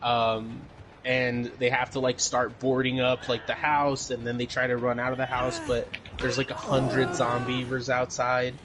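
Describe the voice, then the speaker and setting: Laughing and cursing, a co-host on a podcast rambles through a movie recap, packed with fillers, in a casual chat. He speaks at medium pitch in a level tone and measured pace, with background noise present.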